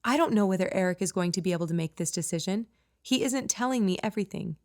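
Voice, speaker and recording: A woman's voice: mid-range voice, lively intonation, a little mellow, natural voice. A woman voicing a weary, anxious mother who pours out her worries in a rush. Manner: anxious, pleading, words rushing out.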